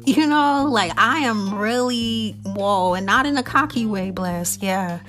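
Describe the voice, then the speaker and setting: A woman hosting a faith-based motivational talk, earnest and heartfelt, often checking in with the listener and adding quick self-aware asides. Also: medium pitch, fairly bright tone, soft background music. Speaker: podcast host.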